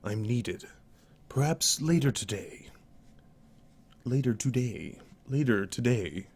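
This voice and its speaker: A man voicing a calm old male tribal elder and seer in a storybook reading, measured and instructive. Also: mid-range voice, breathy edge, heavily acted.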